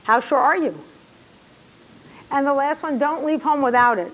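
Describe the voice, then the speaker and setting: Excitable high-voiced woman teaching a class. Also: normal speed, muffled recording. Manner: animated, excitable, lots of rhetorical questions. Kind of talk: classroom lecture.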